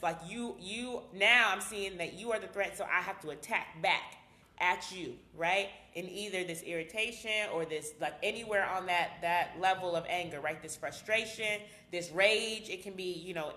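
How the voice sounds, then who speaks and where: A woman psychologist talks straight to her live-stream viewers in a candid, slangy way, often laughing. Her voice is bright and forceful. The sound rings with the echo of a reverberant room. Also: mid-range voice. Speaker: psychologist host.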